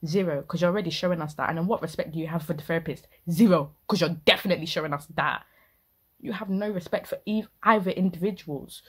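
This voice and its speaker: A young woman fires off indignant, slang-heavy reaction commentary. Her voice sits a little low and sounds husky, and she talks in a casual, ranting rush. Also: fast talker, fairly bright tone. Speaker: reaction video host.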